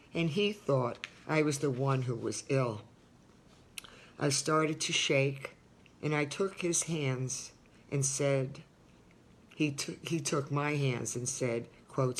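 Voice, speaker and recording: An older woman reads her memoir aloud in a sincere, personal tone. She breaks off now and then to talk straight to her listeners, and she marks every bit of dialogue by saying quote and end quote. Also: low voice. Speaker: memoir author reading her book. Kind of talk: reading a personal memoir aloud with spoken asides.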